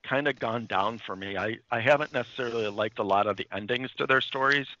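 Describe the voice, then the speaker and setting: A man's voice: medium pitch, brisk, sharp tone, dull audio, a little hiss or hum. A man retelling a comic's plot in a casual chat, rambling with many fillers and restarts. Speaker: comics podcast co-host.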